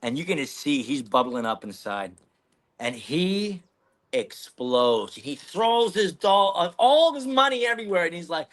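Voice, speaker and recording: A man tells a long, rambling story, animated and full of swearing. His voice is fairly high for a man and swings widely up and down as he talks. It sounds like casual podcast storytelling. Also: unhurried. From Canada. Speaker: podcast guest.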